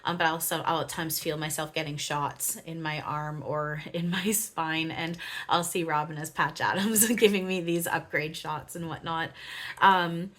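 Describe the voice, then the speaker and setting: A woman's voice: low voice, fairly even intonation, measured pace, fairly bright tone. A woman channeler talking in a casual, rambling way, with many fillers and frequent giggles. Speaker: spiritual channeler. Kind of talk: casual spiritual monologue.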